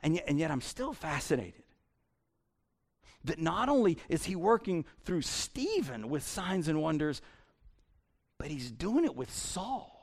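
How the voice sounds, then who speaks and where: A male pastor preaching with a fairly high, gravelly voice. He is animated and repeats words as he builds each point. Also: measured pace, long pauses. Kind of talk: sermon.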